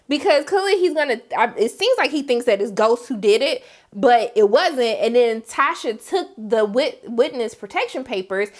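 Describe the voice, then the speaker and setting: A woman vlogger recapping a TV episode in casual slang, acting out the scenes as she goes. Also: high-pitched. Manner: animated, slangy, acts out the scenes. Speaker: TV review vlogger.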